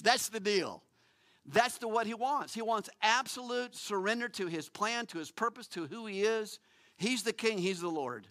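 A man's voice: high voice, pushed and bright. A man preaching a sermon, emphatic and repetitive, acting out quoted lines.

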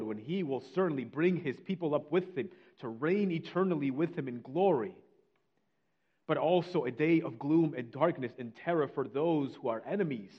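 A man's voice: a little high, muffled recording. Earnest man preaching a sermon. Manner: earnest preaching, slows on scripture, drops to near whisper. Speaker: pastor.

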